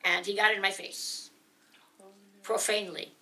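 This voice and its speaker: A woman telling a humorous story live at a gathering, dramatic and lively, laughing along as she goes. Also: medium pitch, a little slow. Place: gathering of singers, indoors.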